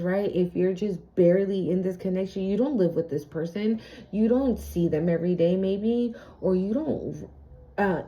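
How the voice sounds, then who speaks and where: A woman reads tarot in a loose, chatty way, swearing freely and laughing between her points. Her voice is mellow and warm. She talks to her viewers like old friends. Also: medium pitch. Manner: chatty and profane, laughs often. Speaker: tarot card reader. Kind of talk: casual spiritual reading.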